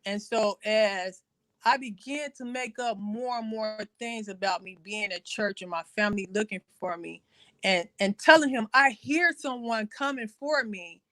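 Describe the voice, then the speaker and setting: A woman recounts her own story in a halting, conversational way, with many fillers and repeated phrases. Her pitch sits in a middle range for a woman. Her voice sounds close and dry, with no room echo. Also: a bit bright. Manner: quotes others in a raised voice. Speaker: guest sharing her testimony. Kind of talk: personal testimony, story told in conversation.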